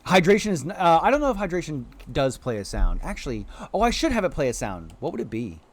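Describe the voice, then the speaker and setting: Lively, animated male game streamer. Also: on the high side, fast talker. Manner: chatty, talks to chat and to game creatures; playful, apologetic asides. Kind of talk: casual livestream commentary.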